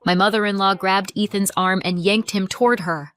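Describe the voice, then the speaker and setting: A woman narrating a scripted first-person family drama story in a measured, dramatic way. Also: medium pitch, fairly even intonation, fairly bright tone.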